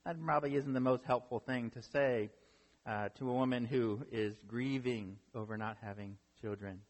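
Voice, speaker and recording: Speaking at normal speed with a medium pitch, a pastor delivers a sermon that retells a story conversationally. He frequently turns to listeners with "right?", and the hall adds long reverb.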